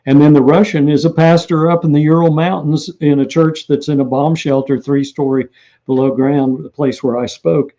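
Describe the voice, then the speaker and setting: A man, an author being interviewed, telling lively stories and acting out what people said. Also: on the high side, normal speed, muffled recording. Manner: animated anecdotal storyteller who acts out quotes. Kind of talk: interview storytelling.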